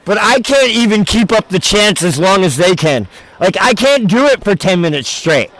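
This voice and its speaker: A man giving casual, mocking live-stream commentary, laughing often and breaking into loud outbursts. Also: high voice, big pitch swings, normal speed.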